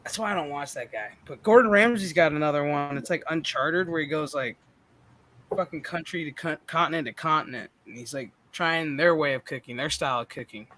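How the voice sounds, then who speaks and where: A man hosting a casual stream chat, telling animated, profane stories. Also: fairly high pitch, fairly quick. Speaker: streamer host.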